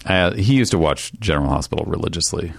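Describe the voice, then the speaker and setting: A man with a very low, gravelly voice co-hosts a comedy podcast. He ribs the others in a wry, chuckling way, and his pitch moves a lot. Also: expressive, fast talker. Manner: wry, chuckling, playful ribbing. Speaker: podcast co-host. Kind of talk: casual comedy podcast chat.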